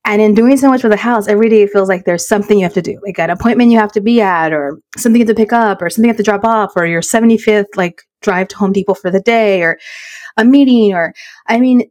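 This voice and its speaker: A woman's voice: medium pitch, fast talker, darkish tone, dry recording, clean studio sound. A middle-aged woman, co-host of a chat podcast, telling a story with lots of laughs and Spanish phrases mixed into her English, her throat a little sore.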